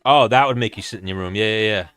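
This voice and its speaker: A man's voice: lowish voice, fast talker, fairly bright tone, clear, resonant tone, no room sound, clean studio sound. A man hosting a casual fight watch-along, chatting loosely with viewers in a rambling, profane way. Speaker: host.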